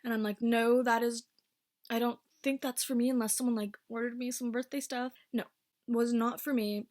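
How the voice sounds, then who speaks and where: A woman in her twenties telling a casual storytime, blunt and swearing freely, with quick bursts between slower stretches. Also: on the high side, steady tone, darkish tone. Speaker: vlogger.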